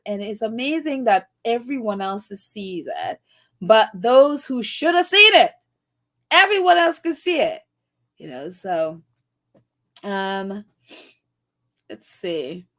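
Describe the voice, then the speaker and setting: This New York live-stream host has a mid-range, sing-song voice with a fairly bright tone. She takes things slowly with long pauses, gushing, laughing and nearly crying while reading the chat out loud.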